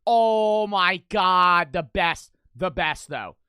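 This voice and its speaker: A young man casually reacting to old TV commercials, swearing freely and breaking into loud, incredulous outbursts. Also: high-pitched, lively intonation, extremely slow, clear, resonant tone, no room sound.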